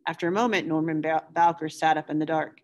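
A woman teacher reading a novel aloud to students in a measured, steady way. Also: deep voice. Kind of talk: read-aloud novel narration.

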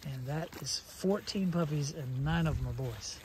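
A man's voice: on the high side, moderate pace. Chatty man filming outdoors, noisy audio. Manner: chatty, loudly calling his dogs. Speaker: dog breeder. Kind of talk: casual vlog narration. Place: outdoors at a dog kennel yard. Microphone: handheld camera filming alone.

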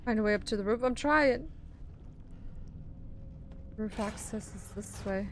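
A woman's voice: medium pitch, unhurried, slight background noise. A young woman gaming streamer giving casual let's play commentary, playful and self-mocking, with frequent exclamations.

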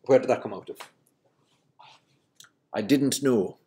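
In a mellow, mid-range voice and at an unhurried pace, a male language teacher talks through Irish word origins without a script. His delivery is hesitant, full of ums and fresh starts on each point.

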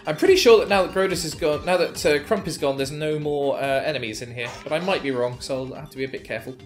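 A man casually commenting on a game he is playing, relaxed and hesitant. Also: a little high, fast talker, soft background music. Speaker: let's play host.

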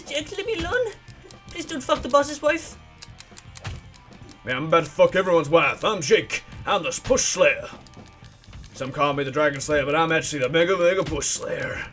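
A man with a fairly high and very lively voice, swearing, excitable and sarcastic as he comments on a video game. Game music plays faintly behind him. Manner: profane, excitable and sarcastic, with mocking put-on voices. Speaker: let's play gamer. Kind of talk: casual gameplay commentary.

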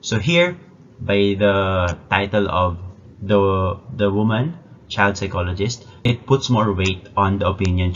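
Lo-fi Filipino male teacher, low voice. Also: lively intonation, measured pace. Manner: explains step by step, mixes Tagalog into English, checks in with "okay?". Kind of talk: recorded classroom lecture. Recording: dull lo-fi recording with faint noise.

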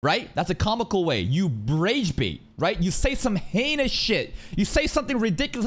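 A man giving casual reaction commentary into a studio dynamic mic, animated and profane, often jumping into high mocking voices. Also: moderate pace, hardly any pauses. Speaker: reaction streamer.

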